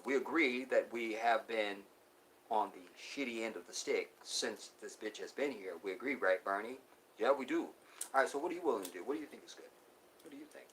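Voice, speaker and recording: A man hosting a live stream, preaching to his viewers and calling them y'all, swinging from loud outbursts to near whispers. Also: on the low side, fairly quick, slight background noise. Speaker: livestream host.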